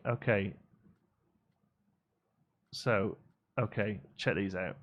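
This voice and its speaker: A man talks his viewers through a building game in loose, chatty commentary, stopping to answer chat. His voice sits a little low, with mouse clicks faintly behind. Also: expressive, normal speed, dull audio. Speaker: game streamer. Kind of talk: casual live-stream commentary.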